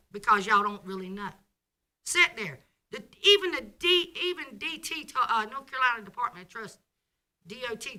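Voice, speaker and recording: A woman's voice: on the high side, sharp tone. A woman giving an indignant, scolding public comment at a school board meeting.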